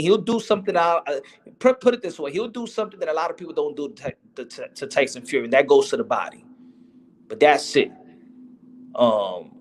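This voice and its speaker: A man hosting a boxing podcast, talking in a casual, slangy street style. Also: a little high. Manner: slangy, loose street talk. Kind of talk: casual chat.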